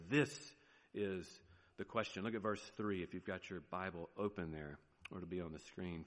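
Southern pastor preaching in a reverberant hall. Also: male voice, on the low side, fairly bright tone. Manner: conversational, explanatory, frequent fillers and rhetorical questions. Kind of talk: sermon.

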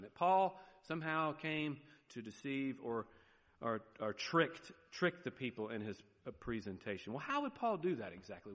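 A male pastor with a Southern US accent delivers a sermon in a conversational, explanatory manner, often posing rhetorical questions. His mid-pitched voice rings out through a church space with a long reverb tail. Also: a bit bright.

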